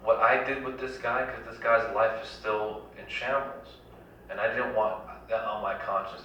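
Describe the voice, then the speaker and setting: A man's voice: on the low side, pushed and bright, slight background noise. A man giving an earnest, rallying town hall campaign speech, stacking repeated phrases, in a community center hall. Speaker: congressional candidate. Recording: echoey hall, dull lo-fi, from far off.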